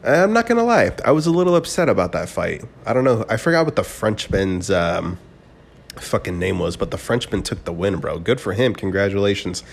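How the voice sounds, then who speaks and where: Man in his twenties, lowish voice, swearing, rambling casual monologue. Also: animated, fairly quick, creaky, slight background noise. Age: 20s. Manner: profane, rambling, bro-ish storytelling. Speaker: podcast host.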